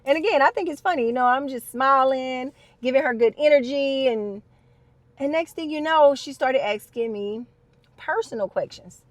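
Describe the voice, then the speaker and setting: Chatty high-voiced woman telling a story. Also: normal speed, dry recording. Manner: animated, chatty, addresses viewers as y'all. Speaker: storyteller vlogger. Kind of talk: casual story time.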